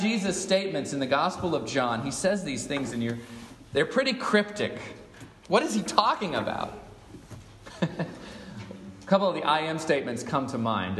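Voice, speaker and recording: A man's voice: medium pitch, a little hiss or hum. A man preaching a sermon to his congregation. He speaks with emphasis and often puts questions to his listeners. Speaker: pastor. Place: church sanctuary. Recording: echoey church hall with long reverb.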